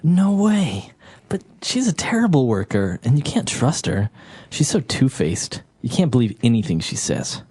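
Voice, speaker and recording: Husky gossipy coworker voiced low, dry and close, scripted skit. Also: wildly swooping pitch, normal speed, darkish tone, no echo. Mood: gossiping. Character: male office worker eager for gossip. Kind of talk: scripted dialogue for a lesson.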